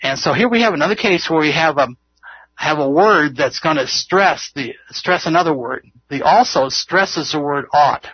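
A man's voice: fairly high pitch, moderate pace, breathy edge, dry recording, lo-fi sound. A man leading an informal Bible study, earnest and rambling, often laughing at himself. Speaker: Bible teacher.

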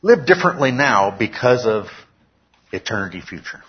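Husky male pastor preaching. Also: medium pitch, sing-song, normal speed, muffled recording. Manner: peppers talk with "okay?", rises to emphatic shouts. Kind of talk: sermon. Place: church.

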